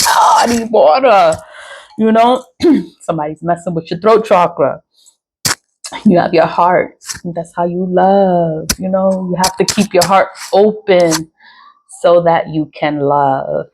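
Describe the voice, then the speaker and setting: A woman's voice: fairly low pitch, darkish tone, a little hiss or hum, poor audio. Woman vlogger, frank and laughing. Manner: frank, swears freely, laughs often. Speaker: spiritual vlogger. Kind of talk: casual rambling monologue.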